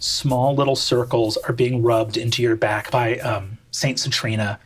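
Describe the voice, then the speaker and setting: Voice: mid-range voice, steady tone, measured pace, husky. A game master narrating a tabletop role-playing scene casually, with frequent filler words.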